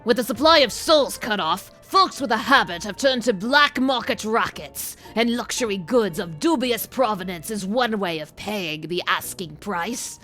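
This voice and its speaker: A gruff, gravelly male inspector with a put-on New York accent, as a woman does the voice, clipped and blunt. The voice sits lower than her own and swings widely in pitch. Faint game music plays behind. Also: lively intonation, sharp tone. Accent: attempted New York. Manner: hard-boiled detective slang, slow and clipped. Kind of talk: reading game dialogue aloud in a put-on voice.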